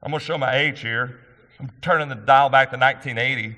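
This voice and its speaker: A man's voice: medium pitch, steady tone, fast, sharp tone. A middle-aged man pastor delivering an earnest, emphatic sermon, asking the congregation questions. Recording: long hall reverb.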